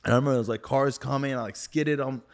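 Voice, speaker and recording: A man who is a podcast guest, telling a story in casual talk. He swears freely, uses slang and acts out what other people said, getting loud and excited during the chase. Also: medium pitch, fast talker. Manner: gets loud and excited when retelling the chase.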